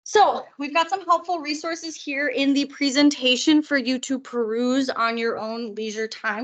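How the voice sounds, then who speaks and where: A hoarse woman presenting at a conference, explaining in a chatty way with joking asides. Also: sits high, steady tone, unhurried, hardly any pauses, a bit bright, muffled recording. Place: conference room.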